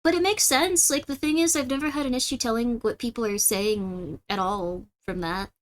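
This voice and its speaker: A livestream host with a Californian Valley Girl accent talks casually to her viewers in a fairly high voice. She rambles and drops "like" into nearly every sentence. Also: normal speed, hardly any pauses. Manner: says "like" constantly, chatty and rambling. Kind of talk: casual stream chat, reacting to viewers.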